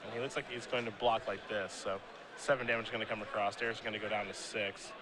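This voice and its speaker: A man calling a live game play-by-play in a relaxed, conversational way. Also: on the low side, fast, crowd noise. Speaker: play-by-play commentator.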